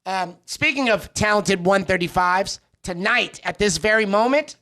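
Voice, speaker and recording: A man hosting a casual podcast, with a high, gravelly voice and a bright, sharp edge. He jokes constantly and teases his co-hosts as he rolls from topic to topic. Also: measured pace, hardly any pauses. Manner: joking, riffing, teasing. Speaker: podcast co-host. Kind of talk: casual chat.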